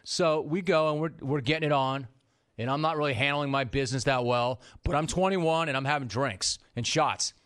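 Man, forties, sports talk host, brash storyteller, bright tone, slightly high pitch. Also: moderate pace. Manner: brash storytelling with voiced impressions of friends. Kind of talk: animated sports talk monologue.

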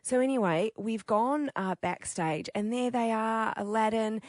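A woman's voice: on the high side, unhurried, darkish tone, no echo, clean studio sound. A woman, hosting casual radio chat and telling stories with acted-out quotes. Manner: chatty storyteller, acts out quotes. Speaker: radio host.

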